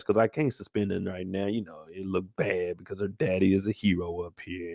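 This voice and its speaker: A man voicing an irritated precinct captain, middle-aged, gravelly, cursing, barking orders, bossy, dry close sound. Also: fairly low pitch, no room sound. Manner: profane, bossy rant at his detectives.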